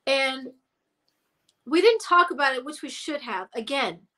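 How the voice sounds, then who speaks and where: A woman with a high, bright voice tells stories in a relaxed interview. She is animated and slips into the voices of the people she quotes. Her tone stays sharp and forward. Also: unhurried. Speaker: guest singer. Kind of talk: casual storytelling interview.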